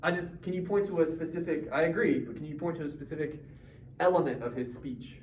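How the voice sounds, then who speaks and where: A man's voice: fairly high pitch, fast, darkish tone. A male teacher leading a casual, joking class discussion and quizzing his students. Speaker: high school English teacher. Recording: roomy classroom from far off, dull, faint noise.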